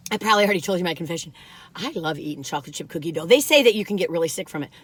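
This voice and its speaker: A woman's voice: fairly low pitch, lively intonation, racing, breathy edge. A woman in her sixties, chatting casually in a taste-test vlog and giggling and exclaiming over the food. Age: 60s. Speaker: food reviewer.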